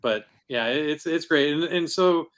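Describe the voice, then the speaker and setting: A man's voice: fairly high pitch, moderate pace, fairly bright tone, smooth. A man talking as a guest on a podcast, telling how he founded a comic convention in an earnest, rambling way. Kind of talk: casual podcast interview.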